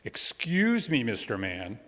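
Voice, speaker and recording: A man's voice: mid-range voice, wildly swooping pitch, takes it slowly, a bit bright, in a large hall, exaggerated voice. A man voicing an earnest little girl who is trying to find a home for a baby, speaking in a raised, sing-song, pleading voice.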